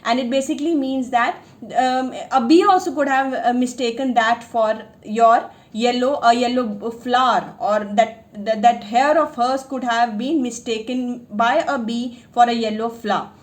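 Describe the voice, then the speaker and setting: A woman teaching English literature, reading a short story aloud and explaining it line by line, talking fast with many fillers and restarts. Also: a little high, steady tone.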